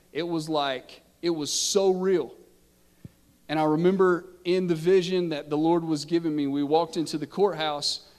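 High-voiced pastor preaching. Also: male voice, big-room sound. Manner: builds from quiet storytelling to impassioned preaching. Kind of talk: sermon, storytelling. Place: church sanctuary.

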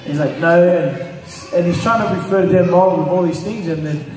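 A man preaches to a congregation in a relaxed, talky way, full of fillers and retold dialogue. His voice sits a little high. The sound comes from some distance in a strongly echoing hall. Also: moderate pace, slight background noise. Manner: conversational, many fillers, retells stories with quoted voices. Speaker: pastor. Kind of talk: church teaching. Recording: echoey hall, distant mic.

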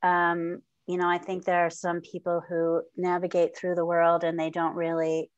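A woman's voice: on the low side, no echo, muffled recording. A middle-aged woman speaking as an interview guest, open and heartfelt, laughing often and restarting her sentences. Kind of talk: candid personal interview.

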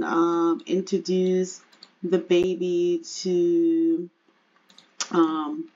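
Woman game streamer, slow chatty commentary, husky voice. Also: lowish voice, a little mellow, muffled recording. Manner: chatty, laughs often, addresses viewers. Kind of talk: casual gameplay commentary.

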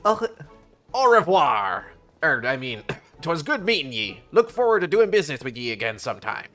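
An actor playing a jovial, shrewd seafaring merchant in a game, with a put-on old-fashioned pirate-ish accent. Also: male voice, fairly high pitch, very animated, normal speed, pushed and bright, faint music behind. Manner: jovial, folksy, salesman-like. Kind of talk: game voice acting.

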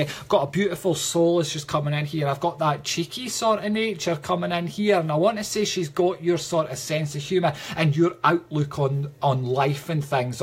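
Chatty Scottish man, husky voice. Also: fairly high pitch. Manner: chatty, affectionate, calls viewers sweetheart. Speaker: psychic medium. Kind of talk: livestream reading.

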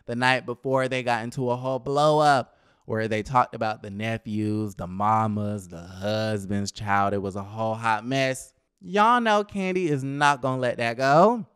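A man's voice: lowish voice, fairly even intonation, a little slow, a bit bright, clean tone, no echo, studio quality. A young man giving sassy, chatty gossip commentary on a reality show, talking straight to his viewers.

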